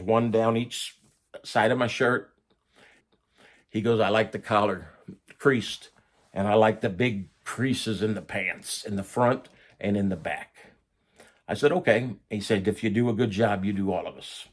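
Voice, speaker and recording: A middle-aged man casually telling a profane first-person story, acting out the voices of the people he quotes. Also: fairly low pitch. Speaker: storyteller recounting prison life.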